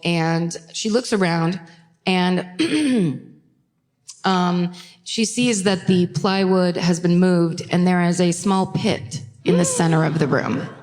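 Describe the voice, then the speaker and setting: A woman's voice: lowish voice, darkish tone. A woman co-hosting a live true crime podcast, telling the case casually with swearing and laughing asides. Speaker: podcast co-host. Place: theater stage before a live audience. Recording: reverberant live theater sound.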